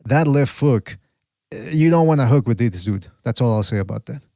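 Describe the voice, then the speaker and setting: A man's voice: medium pitch, lively intonation, brisk, dark tone, no room sound. A man hosts a casual podcast and rambles along, stopping to search for names and restarting his sentences. His voice sits in the middle range for a man. It is recorded dry, with no room sound. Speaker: podcast host.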